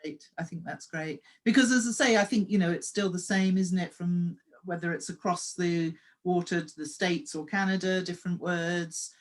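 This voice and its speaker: A woman's voice: lowish voice, moderate pace, few pauses. A woman hosting a conversation, affirming her guest and sharing her own stories. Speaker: host and story coach. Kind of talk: casual interview conversation.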